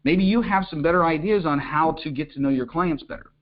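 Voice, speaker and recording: A middle-aged man coaching business owners in an energetic talk, checking in with "okay?" and acting out short phone calls. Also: a little high, fairly quick. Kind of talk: coaching talk to an online audience. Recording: dull lo-fi audio.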